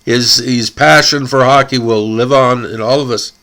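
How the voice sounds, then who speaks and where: A man's voice: mid-range voice, fairly even intonation, sharp tone. Tearful Canadian man hosting a podcast. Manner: emotional, tearful and halting, with repeated words. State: crying. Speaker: hockey podcast host. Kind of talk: emotional podcast tribute.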